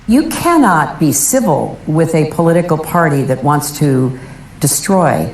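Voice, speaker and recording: A woman's voice: low voice, lively intonation, unhurried, slight background noise. A woman politician speaking emphatically in a played speech clip. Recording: roomy archive clip.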